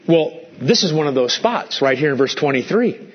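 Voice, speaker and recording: Pastor guy preaching, kinda high husky voice, gets animated, muffled hall echo. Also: fast talker. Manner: animated, pitch jumps up when excited. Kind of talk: sermon.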